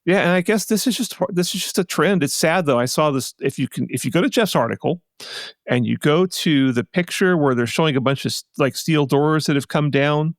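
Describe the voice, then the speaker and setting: A man with a higher-pitched voice talks briskly while co-hosting a podcast. He chats casually and rambles, restarting often and going off on asides. The recording is dry and has clean studio sound.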